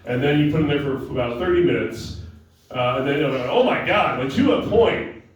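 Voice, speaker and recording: A man's voice: fairly high pitch, expressive, fairly quick. A young man doing a crude, rambling, self-mocking stand-up set at a comedy show. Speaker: stand-up comic. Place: comedy club stage. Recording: echoey room, far from mic, noisy.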